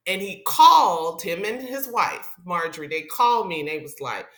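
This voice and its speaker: A woman's voice: lowish voice, animated, moderate pace, pushed and bright, reverberant. A middle-aged woman, a radio personality, telling a personal story in a casual interview and acting out the people she quotes.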